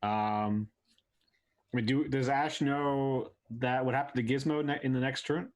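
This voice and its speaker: A man playing a tabletop game, speaking hesitantly with many pauses. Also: medium pitch, fairly even intonation. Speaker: player. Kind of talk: casual tabletop play.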